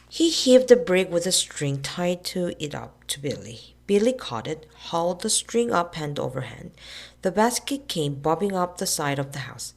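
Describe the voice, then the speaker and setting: A woman narrating a storybook aloud in an expressive way, switching into voices for the characters. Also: lowish voice, gravelly. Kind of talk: storybook reading.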